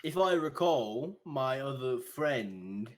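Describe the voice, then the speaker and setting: A man putting on a shrill, suspicious young town guard. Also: lively intonation, takes it slowly. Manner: high-pitched, demanding, exasperated.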